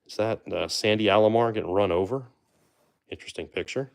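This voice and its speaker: Low-voiced man hosting a casual livestream. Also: a little fast, creaky. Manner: chatty, relaxed, trails off with fillers and asides to chat. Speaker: livestream host opening baseball card boxes. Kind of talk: casual live-stream commentary.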